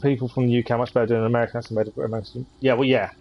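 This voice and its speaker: A man's voice: medium pitch, little pitch movement, very fast, vocal fry, lo-fi sound. A man chatting casually as he streams a game and reads its text aloud. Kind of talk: live gameplay commentary.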